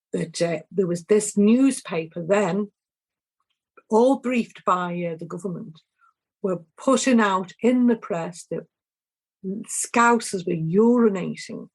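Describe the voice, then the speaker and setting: A woman's voice: fairly low pitch, creaky, darkish tone, slightly rough. Impassioned older Liverpool woman. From England. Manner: impassioned, halting, with frequent restarts. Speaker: activist guest. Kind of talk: emotional interview testimony.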